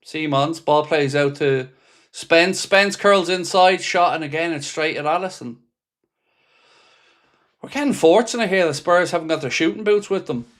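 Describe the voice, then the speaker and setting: A man's voice: a little high, normal speed, a bit bright. Exasperated man commentating a live watchalong. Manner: frustrated, exasperated, swears freely; reads out viewers' chat messages. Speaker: fan channel host.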